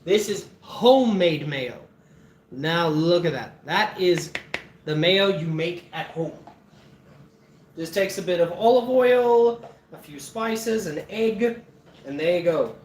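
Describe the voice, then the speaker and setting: A man's voice: sits high, expressive, slow pace, distant mic. A man talks his viewers through a recipe in a loose, joking way, laughing often and swearing freely. He stands some way from the mic in an echoey home kitchen, with a faint hum of background noise. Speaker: cooking streamer. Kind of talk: casual cooking livestream chat.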